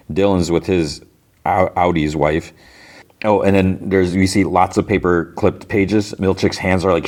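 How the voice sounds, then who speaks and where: A man's voice: deep voice, darkish tone. A man hosting a podcast, casually retelling TV scenes in a rambling way, full of "like" and restarts. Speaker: podcast host. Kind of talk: casual episode recap.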